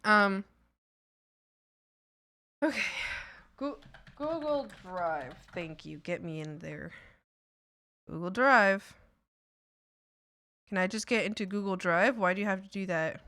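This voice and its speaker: A woman streamer chatting casually with her viewers while she works, muttering to herself and bursting into loud laughing exclamations. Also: medium pitch, animated, unhurried, pauses often. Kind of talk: casual livestream chat while working.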